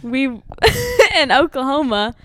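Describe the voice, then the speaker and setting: A young woman guesting on a casual family podcast. She tells stories in quick, giggly bursts. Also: high-pitched, big pitch swings. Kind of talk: casual chat.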